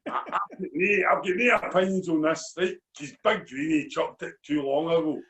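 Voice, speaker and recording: A man's voice: a little high, fairly quick, a bit bright. A Scottish man co-hosting a podcast in casual chat, emphatic and repeating his points. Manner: emphatic, repeats himself, says listen. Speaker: podcast co-host.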